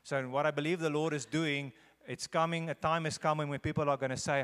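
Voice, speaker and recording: Heard in an echoey church hall, a guest speaker from South Africa addresses a large church in an earnest, conversational talk that builds toward a sermon, frequently repeating phrases for emphasis. His voice is slightly high and fairly bright, steady in tone and a little fast.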